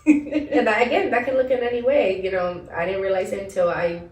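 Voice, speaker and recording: A woman co-hosting a casual podcast, telling stories with an animated lilt and frequent laughter. Her mid-range voice sounds set back from the mic in a roomy space that echoes. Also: mid-range voice, brisk, distant mic. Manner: animated storyteller, laughs often. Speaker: podcast co-host. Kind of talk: casual chat.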